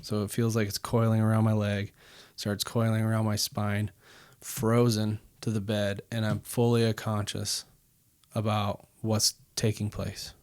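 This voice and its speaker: A man's voice: on the low side, completely flat delivery, measured pace, darkish tone, no room sound. A man in his thirties, a podcast guest, telling a personal story in a rambling way with many fillers. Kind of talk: casual storytelling.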